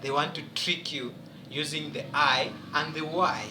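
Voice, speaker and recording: A man's voice: on the high side, fairly even intonation, unhurried, echoey room, over music, rough recording. A man teaching a French exam-prep lesson, emphatic and questioning his students as he goes.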